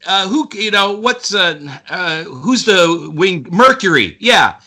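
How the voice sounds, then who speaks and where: A man guests on a casual movie podcast, winding through his points with restarts and playful mock quotes. His voice is high for a man and very bright, with a sharp edge to it. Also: very animated, slow.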